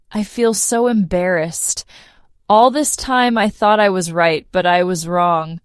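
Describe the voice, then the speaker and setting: A woman narrating a simple first-person story for English learners, clear and measured. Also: lowish voice, no room sound, clean studio sound. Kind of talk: slow read-aloud story for learners.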